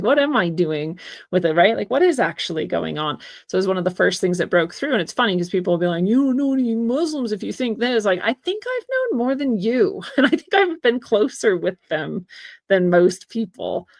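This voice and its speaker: A woman's voice: fairly low pitch, dry recording, studio quality. A woman hosting her own show, reading out articles and commenting in a chatty way, laughing often between points. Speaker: podcast host.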